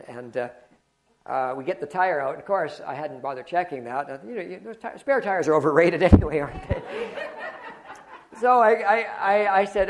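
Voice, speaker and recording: A man preaches, weaving a personal anecdote into his sermon. His voice sits a little high. He swings between loud bursts and hushed asides. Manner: animated storytelling, shifting from loud exclamations to low murmurs. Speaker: pastor.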